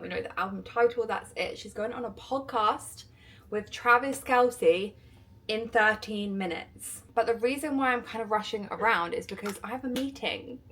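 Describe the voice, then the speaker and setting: A woman vlogging casually at home, excitable and giggly, rambling with lots of fillers. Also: medium pitch. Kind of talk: casual vlog chat to camera. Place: indoors at home, getting ready. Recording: echoey room.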